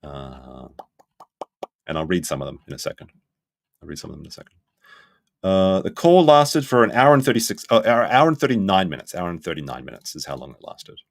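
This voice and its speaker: A man commenting on a live stream, reading chat messages aloud in a skeptical, blunt way and thinking out loud. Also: sits low, very animated, a little fast, vocal fry. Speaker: streamer reacting to a documentary.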